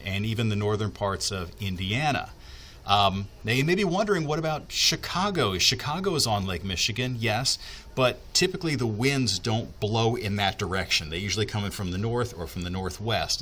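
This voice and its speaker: A man's voice: fairly low pitch, bright, forceful tone, a little hiss or hum. A man working as a TV meteorologist, explaining the weather in a casual, chatty way, with asides and fillers as he thinks aloud.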